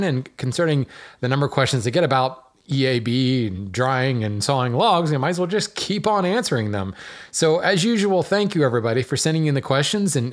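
Chatty man hosting a woodworking podcast. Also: mid-range voice. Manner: chatty and digressive, with fillers and self-deprecating asides. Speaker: podcast host. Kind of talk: casual solo podcast talk.

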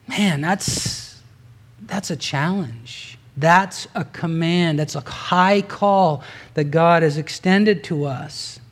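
Earnest male preacher, higher-pitched voice. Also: takes it slowly. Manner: earnest, rises in pitch and force for emphasis; conversational with asides and restarts. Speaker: pastor. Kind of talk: sermon.

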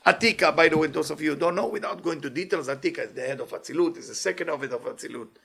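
A man gives a weekly Kabbalah lesson in a high, bright, sharp voice. He speaks full of Hebrew phrases. He keeps asking and repeating questions with animated energy. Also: rapid-fire, creaky, breathy edge. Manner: mixes Hebrew phrases into English. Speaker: Kabbalah teacher.

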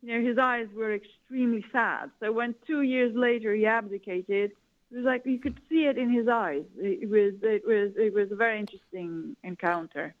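Her fairly high voice, at a normal speed, comes through a tinny phone-like connection. She is from Italy, advises governments, and appears as a guest in a conversational interview, wandering through her points with frequent "you know" fillers.

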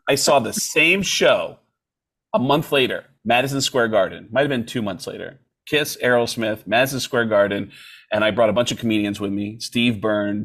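A male comedian tells stories on a podcast in an animated, joking way. His voice sits in a middle range. He keeps the talk lively and full of jokes. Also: medium pitch, normal speed. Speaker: comedian guest. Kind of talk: casual podcast storytelling.

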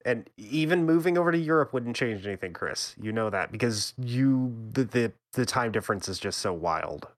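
A man chatting with friends on a gaming podcast. His voice is mid-pitched, and his delivery is dry and teasing, with casual swearing. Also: animated, moderate pace, hardly any pauses. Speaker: podcast co-host.

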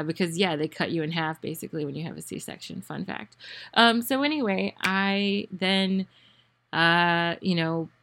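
A young adult woman hosting a podcast, telling a personal story in a rambling way with many fillers, her voice at times wavering with emotion. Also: low-pitched. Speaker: podcast host.

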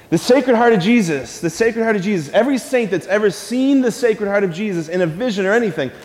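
A man's voice: high voice, a little mellow. A man preaching a sermon to a congregation, repeating key phrases, leading call-and-response and spelling out words letter by letter. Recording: long hall reverb.

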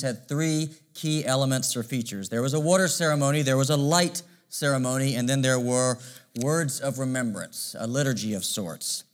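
A male pastor preaching a sermon, measured and emphatic, asking rhetorical questions. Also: medium pitch.

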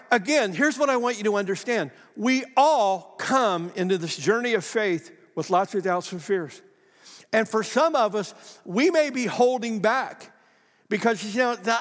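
His fairly bright, high voice rings out through a church sanctuary's long reverb as this middle-aged pastor preaches from the pulpit. Still fighting a lingering cough, he tells personal stories in a folksy, self-deprecating sermon, slipping into the voices of the people he quotes.

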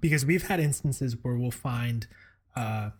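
Male podcast co-host, mid-range pitch, relaxed, rambling, self-deprecating humor. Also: unhurried. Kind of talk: casual chat.

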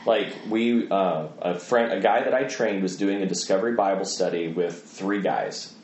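A man speaking as a guest in a conversational interview, an animated storyteller who acts out the voices of people in his stories. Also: sits low, normal speed, roomy sound. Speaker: guest, missionary trainer.

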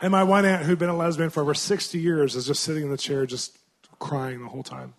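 Man, higher-pitched, animated storytelling preacher; shifts from excited to hushed. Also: fast, slight background noise. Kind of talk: storytelling sermon.

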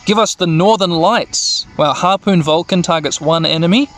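High-pitched man narrating a game. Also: normal speed, a bit bright. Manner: reads the game dialogue aloud, rambling asides. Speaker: let's-play narrator. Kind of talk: sleepy game playthrough narration.

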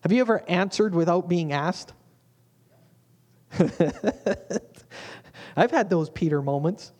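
A man's voice: sits high, animated, slow pace, a little mellow. A man preaching a sermon as a pastor, in a humorous, conversational way.

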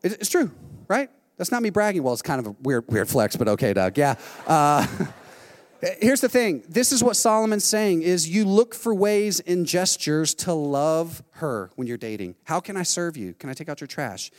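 A middle-aged man preaching a sermon, telling a lively story and acting out what people said. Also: fairly high pitch, normal speed. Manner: animated storytelling, acting out quotes. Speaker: pastor. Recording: long hall reverb.

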